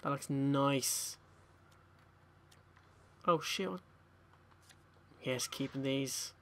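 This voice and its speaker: A man's voice: medium pitch, very slow, slight background noise. A young man commentating a game pack opening, tired and swearing as he mutters to himself. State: tired, yawning. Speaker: gaming YouTuber.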